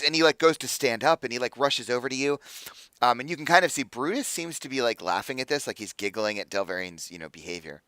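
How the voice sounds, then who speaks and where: A man's voice: mid-range voice, expressive, fast, sharp tone, no echo. Casual male game master, dry sound. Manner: casual, many fillers, hesitant. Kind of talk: narrating a tabletop game.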